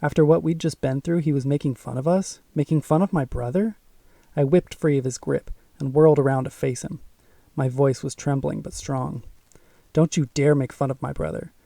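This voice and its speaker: A man narrating a first-person audiobook in a measured, suspenseful way. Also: a little high, steady tone, gravelly, warm tone, dry recording, far from the mic.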